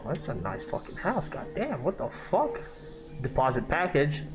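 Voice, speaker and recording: A man giving casual, joking gameplay commentary, swearing and reacting loudly while he plays. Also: on the high side, huge pitch swings, moderate pace, highs cut off. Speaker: gaming YouTuber. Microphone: scuffed mic. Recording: game music behind.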